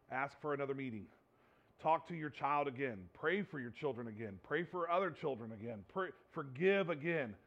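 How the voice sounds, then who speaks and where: A man preaching a sermon as pastor, impassioned, swinging between hushed and loud delivery. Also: medium pitch, dull audio.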